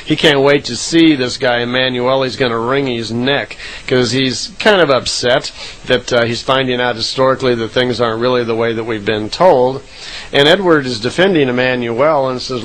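A man's voice: medium pitch, steady tone, normal speed, fairly bright tone, low-quality recording. A man casually retelling a recorded account, rambling with frequent "uh" fillers and self-corrections.

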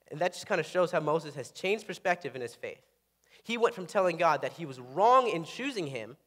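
A man's voice: a little high, fairly bright tone. A young man giving a sermon, reading scripture aloud and adding casual, earnest asides. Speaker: preacher. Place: church sanctuary. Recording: reverberant hall.

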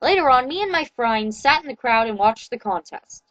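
A woman reads fan fiction aloud in a deadpan style and drops in wry asides. Her voice is high and sits close to the mic, with a dry sound. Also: moderate pace, no echo, dull audio. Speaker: reader. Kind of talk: comedic reading of fan fiction.

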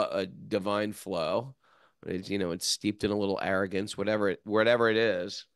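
A man co-hosting a casual devotional talk, explaining at length and teasing his co-hosts in a relaxed way. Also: lowish voice, no room sound, studio quality. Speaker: podcast co-host.

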